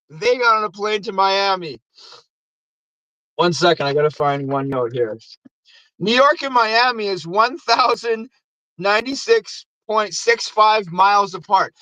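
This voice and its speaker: A man hosting a casual movie recap show, animated and swearing, acting out quotes from the films. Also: high-pitched, no room sound, poor audio. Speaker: host.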